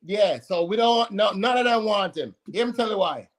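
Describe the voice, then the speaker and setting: High-voiced, blunt male sports panelist. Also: expressive, normal speed. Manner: blunt, emphatic and profane. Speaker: podcast panelist. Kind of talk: casual sports chat.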